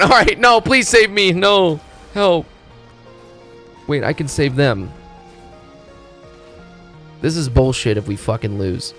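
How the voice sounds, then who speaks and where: A man streaming a video game, talking in a rambling, excitable, profane way as he plays. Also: fairly high pitch. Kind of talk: casual gaming commentary. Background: faint game music.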